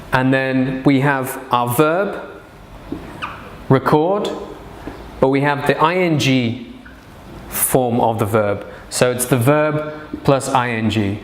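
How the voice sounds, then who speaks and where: Guy teaching english grammar real slow, echoey room, faint hum behind. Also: mid-range voice. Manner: slow, deliberate, repeats example sentences. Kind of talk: grammar lesson to camera.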